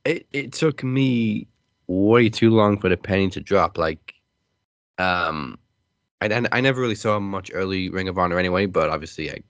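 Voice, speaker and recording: A man co-hosting a casual wrestling podcast, easygoing and quick to laugh, with some stammered restarts. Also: sits low, expressive, dry recording, highs cut off. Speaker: podcast co-host.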